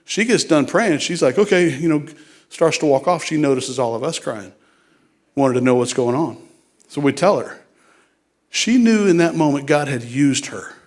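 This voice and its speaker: A man preaching a sermon as a guest speaker in a church, joking and animated, then hushed and earnest in prayer. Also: fairly high pitch, normal speed. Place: church sanctuary. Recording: clear music in background.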